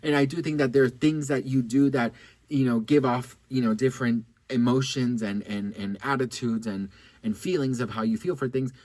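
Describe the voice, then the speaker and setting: Speaking at normal speed in a mid-range voice with no echo, a man tells casual celebrity-gossip stories to camera. The delivery is animated and campy, heavy on swearing and "girl," and he rambles through asides and restarts.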